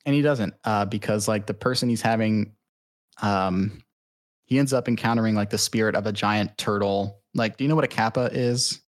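A man's voice: lowish voice, moderate pace. Man rambling through a casual chat. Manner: rambling retelling with many fillers and profanity. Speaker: podcaster.

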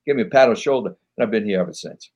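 A man's voice: on the low side, animated, very fast, darkish tone. A man, a podcast guest rambling through anecdotes with lots of fillers and voicing the people he quotes. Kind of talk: casual interview storytelling.

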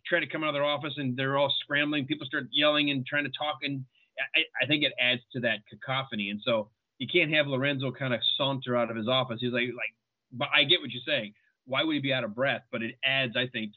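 A man's voice: mid-range voice, steady tone, fast talker. A man hosting a podcast, analyzing a film scene in a casual, thinking-aloud way. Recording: tinny phone-like line.

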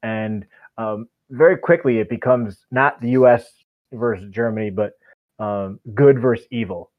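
A man's voice: fairly low pitch, moderate pace. A man co-hosting a casual podcast chat, talking in a rambling, enthusiastic way with many fillers. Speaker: podcast co-host. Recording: tinny phone-like line.

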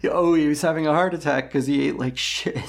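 Gravelly-voiced man making wry asides. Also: fairly high pitch, fairly quick. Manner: wry interjecting remarks with frequent laughs. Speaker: podcast co-host. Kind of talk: casual chat.

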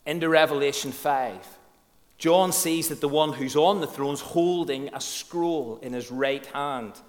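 A man's voice: on the high side, unhurried. A man preaching a sermon, earnest and frank, who asks his congregation questions and leans on key words. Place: church hall. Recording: echoey church hall.

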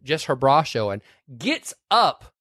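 A man chatting casually as a podcast co-host, retelling scenes with lively energy. His voice sits at a middle pitch and sounds close and dry, with no room around it. He slips into quick character voices now and then. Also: no room sound. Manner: animated, acts out quotes with voice changes. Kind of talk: casual chat recapping a film.

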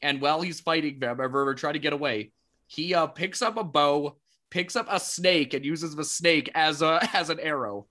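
A man with a fairly high voice chats casually on a podcast as co-host. He rambles through his stories with fillers and restarts. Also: normal speed, bright, forceful tone. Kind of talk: casual chat.

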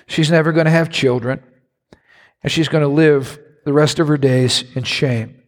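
A pastor preaching a sermon to his congregation, impassioned, his voice climbing higher when he is stirred. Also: steady tone, moderate pace. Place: large church hall. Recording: reverberant church hall.

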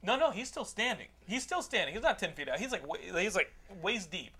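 A man hosting a podcast, telling a movie story in a loud, profane way and often laughing. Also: high-pitched, sing-song, brisk, husky. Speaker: podcast host. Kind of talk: casual chat, movie review.

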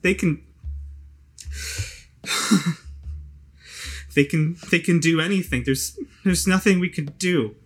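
GM putting on a hopeless young woman, drunk and cursed: high, halting, self-pitying, keeps repeating herself. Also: slightly rough. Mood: despairing.

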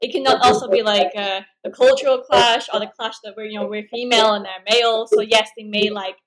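A woman hosting a podcast interview, talking in a relaxed, conversational way. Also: a little high, fairly quick, distant mic, a crowd in the background, rough recording. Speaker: podcast host. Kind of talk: casual interview chat.

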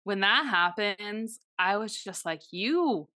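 A woman co-hosting a podcast in casual chat, animated and swearing freely as she acts out quotes. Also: mid-range voice, moderate pace, no echo, studio quality. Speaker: podcast co-host.

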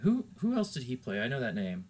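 Brief: chatty man co-hosting a podcast, laughs a lot, lively pitch. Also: a little fast. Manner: laughs easily, rambling and chatty. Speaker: podcast co-host. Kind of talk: casual podcast chat.

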